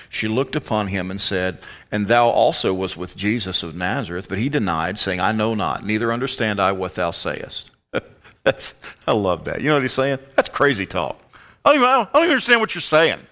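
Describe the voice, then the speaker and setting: Folksy Southern American pastor, lowish voice. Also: male voice, normal speed, fairly bright tone. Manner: folksy and conversational, quizzing the congregation. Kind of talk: sermon.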